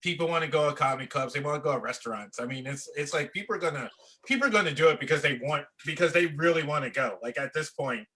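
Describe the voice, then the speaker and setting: A man chatting casually on a podcast, relaxed and conversational, quoting others. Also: on the high side, fast. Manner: relaxed, conversational, quotes people.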